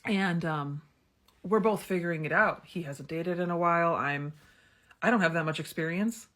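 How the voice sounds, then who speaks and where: A woman's voice: fairly low pitch, moderate pace, fairly bright tone. A woman in her thirties tells a candid personal story in a chatty way, full of fillers. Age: 30s. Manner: chatty and frank, many fillers like "like" and "um". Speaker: storyteller vlogger.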